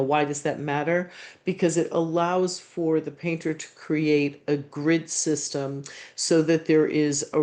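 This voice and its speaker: His pitch fairly high and his tone darkish, a man who is an art historian answers online panel questions haltingly, with frequent restarts while hunting for the right words.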